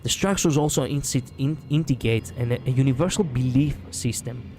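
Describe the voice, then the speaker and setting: A Greek man streams gameplay, playfully reading the game's text aloud and breaking into laughter and quips between lines. His medium-pitched voice is warm, at a normal speed, with faint music in the background.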